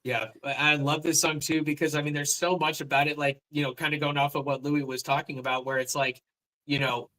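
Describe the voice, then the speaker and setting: A man's voice: a little high, little pitch movement, brisk, bright, forceful tone, rough recording. A recording artist in casual chat, reflecting at length on his song with many fillers.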